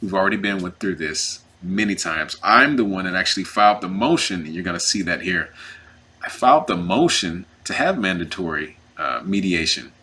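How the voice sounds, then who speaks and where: A man who is representing himself in a custody case tells his story in a casual, animated and indignant way, acting out what others said. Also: sits low, moderate pace, breathy edge. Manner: emphatic, indignant.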